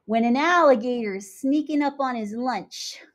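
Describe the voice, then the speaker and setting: A woman's voice: a little high, moderate pace. Sing-song woman teaching kindergarten scissors. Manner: animated, sing-song chanting. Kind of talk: teaching young children.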